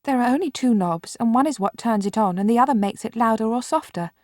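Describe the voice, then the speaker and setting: A woman's voice: fairly high pitch, lively intonation, fast, a little mellow, no room sound, studio quality, lightly acted. A woman voicing an anxious, polite young girl in a storybook reading. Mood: uneasy.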